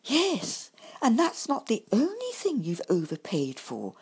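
Storybook: kindly miniature male badger, voiced by a woman, courteous and concerned, breathy, unhurried. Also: a little high, huge pitch swings, voice pushed up, heavily acted. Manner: gentle, courteous, fussing. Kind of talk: storybook character voice.

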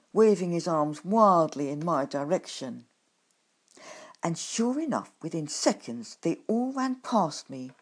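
A woman narrating a storybook in the first person, expressive and lively. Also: mid-range voice, slightly rough.

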